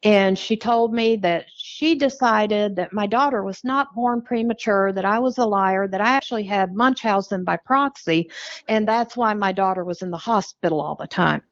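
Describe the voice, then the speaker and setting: A woman's voice: mid-range voice, moderate pace, dry recording, muffled recording. A middle-aged American woman, a podcast guest, tells her life story candidly and wryly, acting out what people said. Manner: candid, wry storytelling with quoted dialogue.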